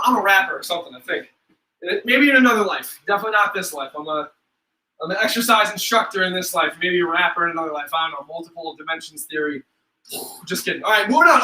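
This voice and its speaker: A man's voice: sits high, pushed and bright, echoey room, recorded from a distance, rough recording. A young man leading a live-streamed home workout as a fitness instructor, counting reps aloud and joking between sets.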